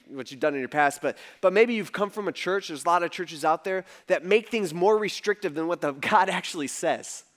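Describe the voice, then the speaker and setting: A male pastor preaching a conversational sermon, animated and swinging between soft and loud. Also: sits high.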